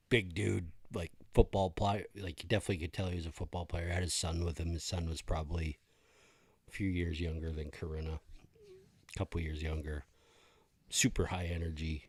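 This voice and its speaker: A man's voice: low voice, steady tone, brisk, darkish tone, husky, no echo. A man co-hosting a casual podcast, telling loose stories full of swearing. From Maine. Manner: swears freely, storytelling, laughs at own stories. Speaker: podcast co-host. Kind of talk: casual chat.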